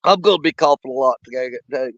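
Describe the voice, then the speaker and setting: A middle-aged man hosting a fishing channel, chatting casually while sick with a cough and fever, folksy and quick to laugh. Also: medium pitch, no echo, soft background music. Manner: folksy, laughs often, drawn-out shoutouts. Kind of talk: casual live chat shoutouts. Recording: dull, dry, lo-fi sound.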